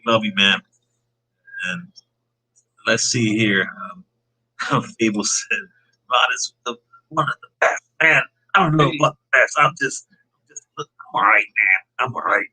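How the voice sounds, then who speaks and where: Bright-voiced male podcast host. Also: lowish voice, a little slow, long pauses, slightly rough, poor audio. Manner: upbeat, reads out viewer comments. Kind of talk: casual live-stream chat.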